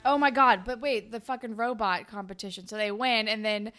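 A young woman with a slightly high voice chats animatedly as a podcast co-host, cursing freely and acting out characters. Faint music sits quietly underneath. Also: fairly even intonation, a little fast. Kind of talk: casual recap chat.

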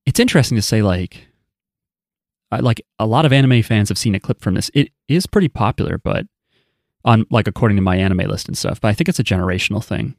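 A man with a fairly low voice hosts a casual chat podcast, cracking dry jokes at an easy clip. He is recorded close and dry, with almost no room sound. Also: lively intonation, quick pace, creaky, no echo. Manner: dry, joking delivery. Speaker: podcast host.

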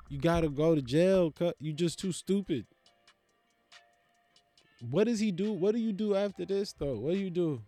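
Profane, animated man in a comedy rant. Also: high voice.

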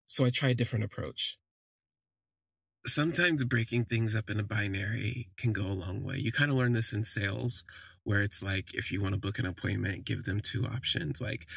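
A man's voice: on the low side, moderate pace, vocal fry, fairly bright tone, slightly rough, no echo. A man telling a first-person story on a podcast in a reflective, hesitant way, often restarting his sentences.

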